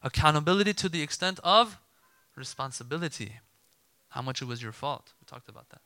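A man preaching a sermon to a gathered crowd, animated and emphatic, acting out imagined dialogue to make his points. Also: fairly high pitch, a little fast, no echo.

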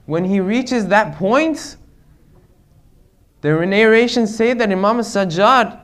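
High-voiced man giving a religious lecture. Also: slow pace, fairly bright tone. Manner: earnest, with rhetorical questions.

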